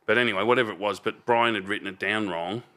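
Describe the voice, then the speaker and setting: A man's voice: lowish voice, fast, sharp tone. A man in his fifties with an Australian accent, telling a story as a podcast guest in a rambling, blunt way, with many restarts and some swearing. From Melbourne, Australia. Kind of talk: casual storytelling.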